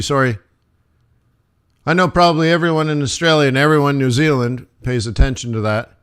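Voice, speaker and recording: A man's voice: medium pitch, fairly bright tone, clean tone. A man hosting a live forex trading stream, talking through charts in a casual, rambling way with joking asides.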